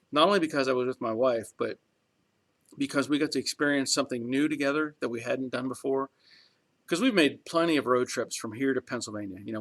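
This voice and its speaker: A man's voice: mid-range voice, fairly bright tone. Chatty rambling middle-aged man. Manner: talkative, rambling, chuckling. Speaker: garage channel host. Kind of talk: casual live-stream chat reading viewer comments.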